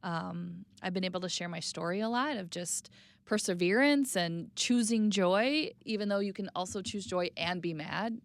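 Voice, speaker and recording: A woman in her thirties speaking candidly and reflectively as an interview guest, sometimes dropping to a soft, quiet voice. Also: normal speed, no room sound. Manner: reflective, plainspoken, drops to a soft low voice on hard news.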